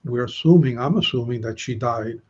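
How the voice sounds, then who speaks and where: Bible teacher, male, mid pitch, slightly raspy, careful explainer, muffled stream sound. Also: darkish tone. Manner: explains Hebrew grammar slowly, stressing key words. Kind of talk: Bible study lesson.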